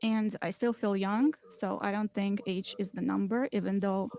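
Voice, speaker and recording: A woman's voice: mid-range voice, fairly even intonation, moderate pace, mellow. A woman in her thirties on a dating show, talking in a thoughtful, hesitant way. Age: 30s. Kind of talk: casual chat.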